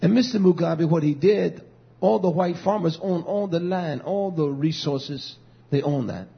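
A man preaching a fiery sermon, swinging from shouting to low murmuring, with repetitive, stumbling restarts. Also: a little slow, vocal fry, husky. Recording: dull lo-fi recording.

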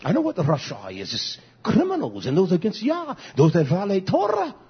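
An older man gives an informal sermon in a husky, fairly high voice. He preaches in a folksy, repetitive way and drifts into animated storytelling. The recording sounds dull and lo-fi. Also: brisk.

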